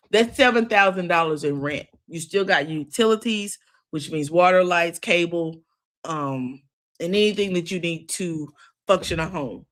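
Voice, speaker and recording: A woman's voice: lowish voice, fairly bright tone. A woman hosting a casual recap of a reality TV episode, chatty and opinionated, often calling her listeners "child" and "girl.".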